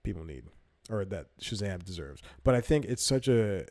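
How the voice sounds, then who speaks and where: A man's voice: lowish voice, lively intonation, moderate pace, a little mellow, no room sound. A young man hosting a comedy podcast, rambling through casual commentary, correcting himself and laughing often. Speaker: podcast host.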